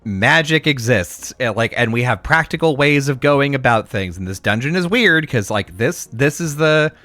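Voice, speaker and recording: Male podcast co-host, animated and opinionated, crude casual banter, bright sharp tone. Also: mid-range voice, normal speed, no room sound, faint music behind. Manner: profane, animated, argues his point at length. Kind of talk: casual chat.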